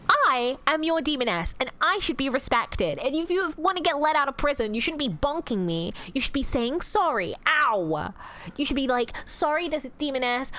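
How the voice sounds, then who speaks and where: A woman streamer chats casually with her viewers, teasing them through theatrical mock-villain banter and swearing freely. Her voice is fairly high-pitched, bright, and forceful.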